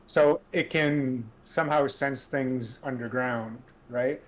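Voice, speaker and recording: A man's voice: medium pitch, takes it slowly, rough recording. A man playing a tabletop game, playfully suggesting ideas to the others. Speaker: player. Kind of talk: casual tabletop play.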